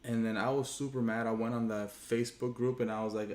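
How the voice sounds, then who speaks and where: A man's voice: medium pitch, flat delivery, quick pace, hardly any pauses, a little mellow. Frustrated man ranting, echoey room. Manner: frustrated, profane, rambling, acts out quoted dialogue. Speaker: gaming channel host. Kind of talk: casual storytelling rant. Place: home room, livestream.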